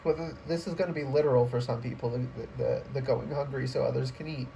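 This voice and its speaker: Mellow-voiced, rambling tarot reader. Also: medium pitch, fairly even intonation, fast, gravelly. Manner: rambling, trailing off and restarting, emotional. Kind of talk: casual spoken tarot reading to camera. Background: faint computer fan hum.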